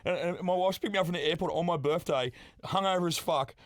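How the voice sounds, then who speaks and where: A man's voice: high voice, fast talker, no room sound. An Australian man, a podcast guest, telling a story in casual chat, swearing freely and laughing through it.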